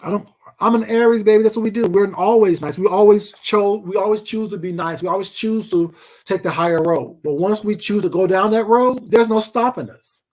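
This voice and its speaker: A male vlogger with a strikingly high voice rants at the camera, profane and confrontational. He's combative yet casual with viewers, as though they're sitting across from him, speaking a bit fast with a slightly mellow tone.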